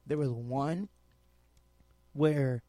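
A man's voice: medium pitch, drawn-out words. A young man co-hosting a radio show in a studio, chatting casually and rambling with lots of restarts. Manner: rambling, full of restarts and laughter. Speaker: radio co-host.

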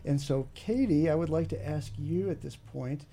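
Guy hosting local radio show, gravelly kinda dark voice, a bit high for a man. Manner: friendly, halting, with restarts. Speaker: radio host. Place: radio studio. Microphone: studio mic.

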